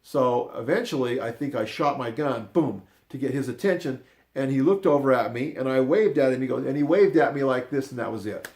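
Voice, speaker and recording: An older man telling a personal story in a rambling, unscripted way, often restarting his sentences and dropping into quiet asides. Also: medium pitch, a little fast. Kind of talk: casual spoken storytelling.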